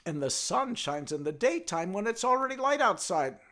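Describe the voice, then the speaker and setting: A man telling a folk tale in a lively, halting way, often restarting his sentences and turning aside to speak to his donkey. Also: high-pitched. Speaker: storyteller. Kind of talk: told folk tale with a puppet.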